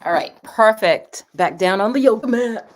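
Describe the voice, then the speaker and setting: A woman's voice: on the high side, expressive, moderate pace. A woman hosting a casual livestream from her floor at home, chatting and rambling as she greets viewers before card readings. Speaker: livestream host, angel card reader. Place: home room, sitting on the floor.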